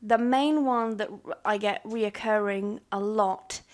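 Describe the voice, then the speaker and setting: A woman's voice: medium pitch, a little slow, darkish tone. A young British woman chatting casually as a YouTuber answering viewer questions, candid and self-deprecating, laughing often between fillers. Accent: British English. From United Kingdom. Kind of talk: casual Q&A chat.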